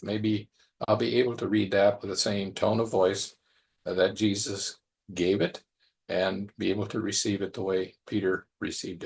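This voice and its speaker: A man's voice: on the low side, gravelly. A man preaching a conversational sermon, musing aloud and repeating phrases as he reflects.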